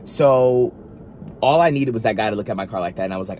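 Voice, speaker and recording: A man vlogging a storytime, talking straight to his viewers in an animated, dramatic way, full of asides and restarts. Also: fairly low pitch, normal speed, long pauses, a little hiss or hum. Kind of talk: storytime monologue.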